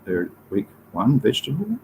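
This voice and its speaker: A man's voice: medium pitch, huge pitch swings, moderate pace, a little mellow, slight background noise, rough recording. An Australian man in his fifties hosting a casual livestream, talking through slides in a rambling way, chatting to viewers and swearing casually. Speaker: livestream host.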